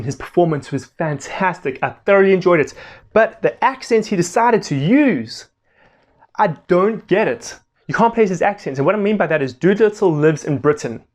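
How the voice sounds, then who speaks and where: Excitable young man reviewing a film. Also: fairly high pitch, normal speed. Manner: animated, excitable, laughs often. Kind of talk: casual video review.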